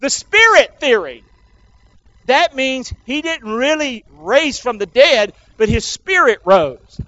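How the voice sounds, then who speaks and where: High-pitched animated preacher man. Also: slow pace, no echo, dull audio. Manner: animated preaching, calls for congregation to repeat. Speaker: pastor. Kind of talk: sermon.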